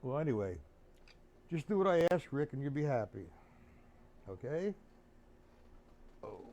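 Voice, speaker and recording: Chatty drum teacher counting out beats. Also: male voice, on the high side, sing-song, unhurried, darkish tone. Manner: chatty, counting beats aloud, addressing chat viewers by name. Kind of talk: live-streamed drum lesson. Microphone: streaming setup. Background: snare drum playing.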